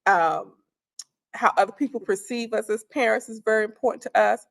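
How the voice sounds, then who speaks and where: Middle-aged woman teaching parents, calm chatty talk, a bit of vocal fry. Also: a little high, normal speed. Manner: calm, conversational, repeats phrases. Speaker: parenting workshop presenter. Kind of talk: instructional talk.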